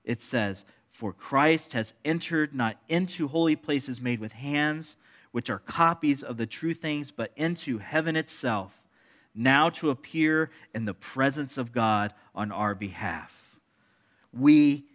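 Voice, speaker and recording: A male pastor delivers a sermon in a bright, forceful, fairly high voice. He swings between quiet, hushed passages and rising, emphatic appeals. Now and then he tosses a joking aside to the congregation.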